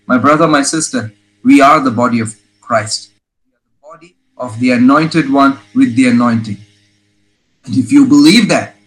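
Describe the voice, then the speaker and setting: Emphatic preacher man, higher pitch. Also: fairly bright tone, low-quality recording. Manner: emphatic, rhetorical questions, acts out quotes. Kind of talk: sermon with scripture reading.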